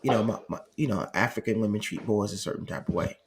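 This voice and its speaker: A man's voice: lowish voice, fast, creaky. A man telling a family story in casual chat, laughing often and acting out the voices of the people in it. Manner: animated, laughing, acts out voices in stories. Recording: noisy background.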